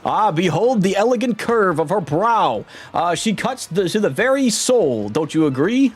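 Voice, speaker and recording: A man's voice: sits high, big pitch swings, normal speed, breathy edge, pitched above the performer's own voice, exaggerated voice. A man voicing a pompous, boastful wealthy male ship owner, reading game dialogue aloud in a grand, theatrical way. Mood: grandiose.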